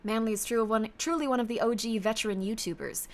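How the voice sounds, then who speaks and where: A woman's voice: fairly high pitch, quick pace. A woman streamer chatting casually on a livestream, bubbly and effusive, gushing praise to her viewers.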